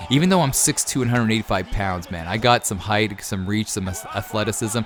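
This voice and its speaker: A man's voice: fairly low pitch, brisk, fairly bright tone, soft background music. A man in his thirties hosting his gaming channel, answering viewer questions in a chatty, enthusiastic way and often tacking on "man". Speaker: YouTube gaming channel host. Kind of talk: casual Q&A chat to viewers.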